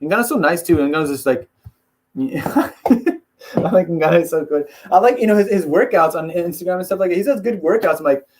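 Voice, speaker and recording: Male host, casual rambling fight talk, a bit high-pitched, laughs a lot, slips into impressions. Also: expressive, moderate pace, a little mellow, a little hiss or hum. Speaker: MMA video host.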